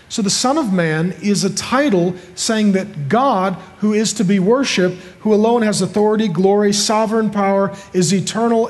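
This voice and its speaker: A man preaching a sermon as a pastor, emphatic and repeating his points with rhetorical questions. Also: sits high.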